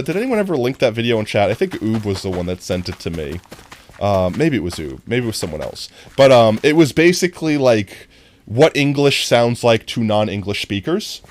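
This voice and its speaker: A live streamer chatting casually to viewers while playing, goofy and rambling, often breaking into high laughter. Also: lively intonation, brisk, slight background noise. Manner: talks directly to chat. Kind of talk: casual gameplay stream chat.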